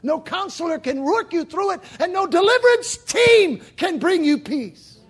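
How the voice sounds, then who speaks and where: A male pastor delivering a dramatic sermon in a church, swinging from shouted lines to near whispers. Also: very high-pitched, lively intonation, moderate pace. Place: church sanctuary.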